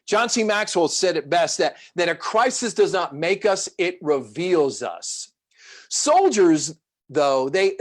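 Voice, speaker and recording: High-voiced animated male speaker. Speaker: motivational speaker. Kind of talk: storytelling talk.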